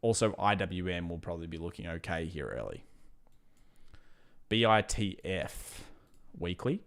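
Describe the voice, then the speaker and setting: A man's voice: low voice, animated, measured pace. Chatty man reading market charts. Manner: casual, chatty, drifts into fired-up rants. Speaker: trading livestream host. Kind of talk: live market chart commentary.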